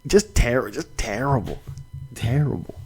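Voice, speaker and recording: A man's voice: medium pitch, expressive, a little slow, a little mellow, husky, low-quality recording. A young man hosting a solo fight podcast, talking casually and rambling with many restarts and some swearing. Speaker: podcast host.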